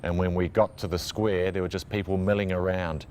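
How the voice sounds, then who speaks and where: A New man, a news camera operator, recounting events in brisk, vivid documentary narration. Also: sits low, flat delivery, a little mellow, a little hiss or hum. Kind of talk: documentary interview recollection.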